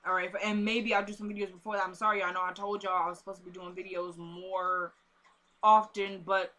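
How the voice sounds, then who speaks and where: A woman's voice: fairly low pitch, sharp tone. A woman vlogger recapping a TV episode in casual, informal chat, repeating herself for emphasis.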